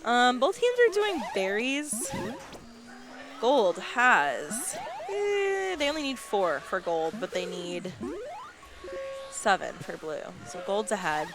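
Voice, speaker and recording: A woman's voice: mid-range voice, sing-song, slow. Woman calling arcade matches over music. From northern United States. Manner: rambling, playful asides between calls. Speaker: esports league commentator. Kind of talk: casual play-by-play commentary. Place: arcade bar.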